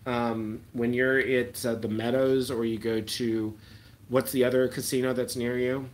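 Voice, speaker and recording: A man hosting a relaxed live stream from home, talking in an easygoing, mid-pitched voice. He reads and answers comments as they come, filling gaps with ums. His sentences often fade into a low mumble, with a faint hum of room ambience behind him. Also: measured pace. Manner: chatty, trails off into ums and drops to a mumble at line ends. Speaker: slot-machine YouTuber hosting a live chat.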